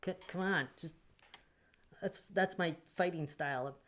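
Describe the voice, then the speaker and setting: A woman with a Southern US accent, hosting her own livestream and chatting with viewers, playful and quick to laugh. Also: on the low side. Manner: chatty, bursts into laughter, playful mock scolding. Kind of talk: casual livestream chat reading comments.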